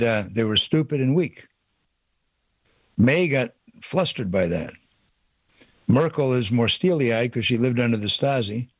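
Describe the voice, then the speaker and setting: A man's voice: mid-range voice, no room sound. Indignant man, very dry close sound. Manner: indignant, hammering rhetorical questions. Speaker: political commentator. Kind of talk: opinion monologue.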